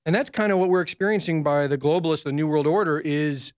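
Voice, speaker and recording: A man, a reporter, talking in a measured, hesitant way during a casual political chat. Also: fairly high pitch, no echo, clean studio sound.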